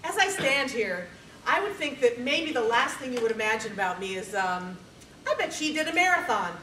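A woman's voice: a little high, sing-song, moderate pace, fairly bright tone, recorded from a distance, a little hiss or hum. A woman opening a humorous contest speech, talking straight to the audience in a chatty way. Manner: chatty, addresses the audience directly. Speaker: contest speaker. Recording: roomy hall recorded from afar.

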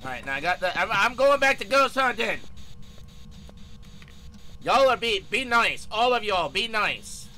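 A young man streaming a game live, excitable and loud, yelling and swearing at his chat. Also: sits high, a little slow, pauses often.

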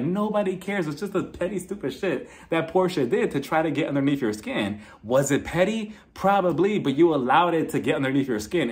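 A chatty man recapping reality TV in a casual commentary style, laughing often. His pitch rises and falls a lot, keeping the delivery animated from line to line.

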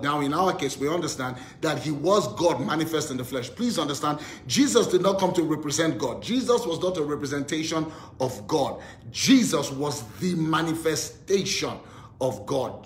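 A man preaching an online devotional sermon, emphatic, repeating words as he builds his points and leading the listeners in spoken declarations. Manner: emphatic preaching, leads call-and-response declarations. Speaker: pastor. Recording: echoey room with faint rumble.

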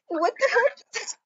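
A woman's voice: extremely high pitch, sharp tone, lo-fi sound. A woman improvising a game role-play, gushing and giddy, with many ums and hesitations.

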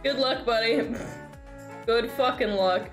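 A young woman streamer reacts to videos in loose, casual chat. Her voice sits fairly high, and she bursts into quick, excited exclamations and swears freely. Faint music plays underneath.

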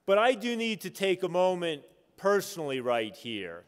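A man's voice: sits high, sing-song, moderate pace, clear, resonant tone. Effusive man rousing a hall. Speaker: conference speaker introducing a colleague. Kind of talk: public speech. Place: large conference hall. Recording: reverberant hall with crowd.

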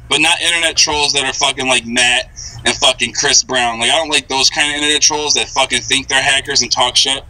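Man, casual streamer chat, lots of swearing and filler, very sharp bright voice. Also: medium pitch, rough recording. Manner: swearing, loose filler-heavy talk. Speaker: fellow streamer.

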